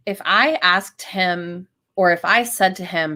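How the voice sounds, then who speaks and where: A woman's voice: fairly low pitch, slow pace, sharp tone. A woman co-hosting a podcast, talking bluntly and swearing freely in casual chat. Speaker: podcast co-host.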